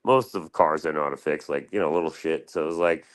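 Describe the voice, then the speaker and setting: A man's voice: a bass voice, quick pace. A man from Florida casually telling crude, profane stories on a livestream panel, jumping into a raised voice to act out what others said. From Florida, USA. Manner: crude, heavily profane, acts out quotes in a raised voice. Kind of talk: casual storytelling.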